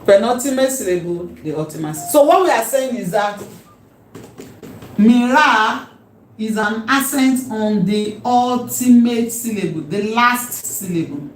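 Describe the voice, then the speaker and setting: A woman teaching a language lesson, repeating key terms slowly and emphatically. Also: a little high, expressive, slight background noise. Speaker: Hebrew teacher. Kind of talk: classroom lecture. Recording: echoey room with faint ambience.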